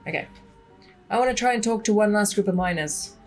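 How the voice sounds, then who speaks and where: A woman's voice: medium pitch, a little fast, faint music behind. A woman doing casual gameplay commentary, reading game text aloud with jokes and frequent swearing. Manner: casual, joking, swears freely. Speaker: gaming video creator.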